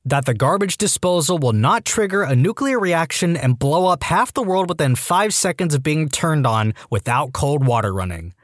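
A man narrating a series of online posts in an expressive, read-aloud style. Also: fairly high pitch, moderate pace, hardly any pauses, dry recording, clean studio sound. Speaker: narrator reading Reddit posts.

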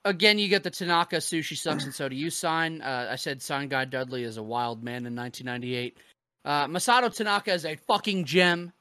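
Bright, kinda high-pitched guy hosting, dry close sound, swears a lot while recapping. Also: fairly quick, dry recording. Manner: profane, excited recapping. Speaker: podcast host. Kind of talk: casual chat.

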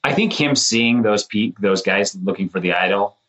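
Deep-voiced man recapping animatedly. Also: normal speed, low-quality recording. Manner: animated, acts out quotes in shifting voices. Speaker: podcast co-host, former contestant. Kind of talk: casual chat.

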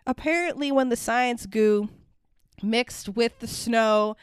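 Slow and clear with a resonant tone, a young adult woman's slightly high voice is recorded at studio quality with no echo. She co-hosts a podcast, chatting casually and sarcastically about a movie in an animated way, swearing freely and acting out lines.

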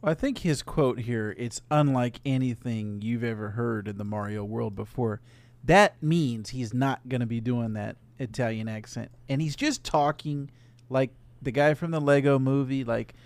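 A man's voice: medium pitch, normal speed, vocal fry, a little mellow, no echo. A man hosting a casual video game podcast, reading out news items and bantering with his co-hosts. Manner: reads headlines then banters.

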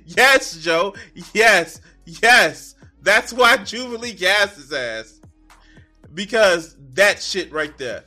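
Guy with a really high bright voice, slow drawn out talk, cussing and yelling in disbelief at a clip. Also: animated, soft background music. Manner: incredulous, swearing, bursts into shouting. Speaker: streamer reacting to a video. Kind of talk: profane reaction commentary.

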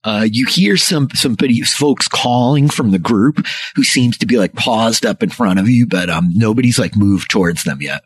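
Deep-voiced male GM, husky and lively, dry room. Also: normal speed. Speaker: game master. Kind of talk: narrating a tabletop game.

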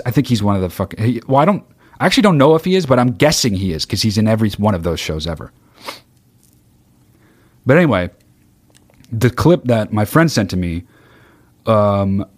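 A man's voice: medium pitch, dry recording. Profane rambling male podcast host. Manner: rambling, sarcastic, swears constantly; sings mock-solemn snatches of songs. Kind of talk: profane comedic monologue.

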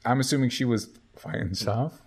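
A man's voice: mid-range voice, brisk, husky. A man co-hosting a podcast in casual chat, rambling through his points with many restarts. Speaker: podcast co-host.

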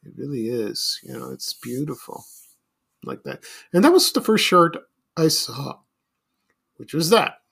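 A man's voice: fairly high pitch, big pitch swings, measured pace, vocal fry, pauses often, a bit bright, breathy edge. A middle-aged man from Chicago hosting a casual solo podcast, rambling and nostalgic with many fillers and restarts. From Chicago, USA. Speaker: podcast host.

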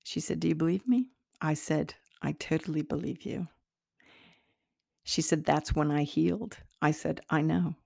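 A middle-aged woman with a low voice tells a personal story in an earnest, meandering way. Her tone is gravelly, full of fillers and false starts, and the sound is dry and close. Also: normal speed, darkish tone, dry recording. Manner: earnest, rambling, many fillers and restarts. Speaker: podcast host, healer.

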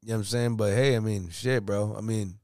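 A man's voice: fairly low pitch, fairly quick, dry recording, studio quality. A man co-hosting a podcast, telling stories in a loose, slangy way and acting out the voices of the people he quotes. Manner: animated storyteller, slangy, acts out quotes in shifting voices. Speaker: podcast co-host. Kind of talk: casual chat, storytelling.

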